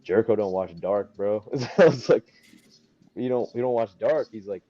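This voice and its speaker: An animated young man, a professional wrestler appearing as a guest, tells wrestling stories at a normal speed in casual fashion. He laughs often and acts out other people's lines in a high voice, all captured in dull, lo-fi podcast audio.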